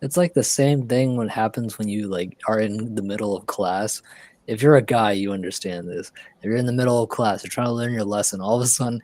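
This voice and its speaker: A man with a fairly low voice chats on a livestream. He jokes and rambles in loose, slangy talk. He is recorded close and dry, with no echo. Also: steady tone, fairly quick, darkish tone. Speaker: livestream co-host. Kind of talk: casual chat.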